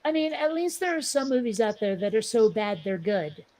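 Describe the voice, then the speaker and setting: A woman's voice: fairly high pitch, sing-song, normal speed, a little mellow, rough recording. A woman in casual podcast chat, blunt and opinionated, swearing for emphasis. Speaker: podcast panelist.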